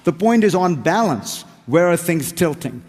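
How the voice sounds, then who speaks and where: A man's voice: a little high, sing-song, measured pace, a little mellow. A man from India, speaking earnestly and persuasively in a formal debate. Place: large hall before an audience. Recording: reverberant debate hall.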